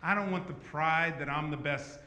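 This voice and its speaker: A man delivers a sermon as pastor, his bright, ringing voice sitting a little high. He shifts between emphatic, raised lines and hushed asides. The sound is roomy, with a long hall reverb trailing behind him. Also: normal speed, slight background noise. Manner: conversational preaching, swings between emphatic and hushed. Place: church sanctuary. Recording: echoey church hall.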